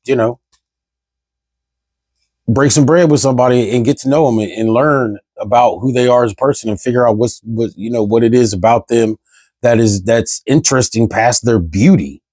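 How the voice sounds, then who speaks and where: A man rants straight to his camera, profane and exasperated, hammering rhetorical questions. His voice sits at a middle pitch. The sound is dry and close, with no room echo. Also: moderate pace, a little mellow. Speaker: vlogger. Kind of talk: candid ranting monologue.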